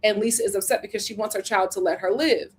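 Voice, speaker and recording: A woman hosting a casual reality TV recap, sassy and animated, laughing often as she talks. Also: medium pitch, fast talker, a little hiss or hum.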